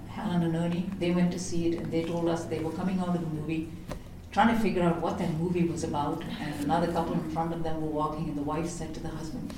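A middle-aged woman giving a devotional teaching on prayer, telling stories expressively and slowing down to read scripture. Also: low voice, noisy background. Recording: echoey room.

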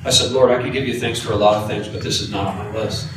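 A man preaching a sermon, telling a personal story in an animated, confessional way. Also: fairly low pitch, fast talker, background noise. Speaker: pastor. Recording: echoey hall from far off.

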